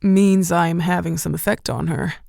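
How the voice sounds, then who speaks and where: A woman narrator voicing a confident young man with a faint American accent, smooth and easygoing. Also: fairly low pitch, fairly even intonation, moderate pace, dark tone, no echo, studio quality. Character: confident male American parachutist, smooth and cocky.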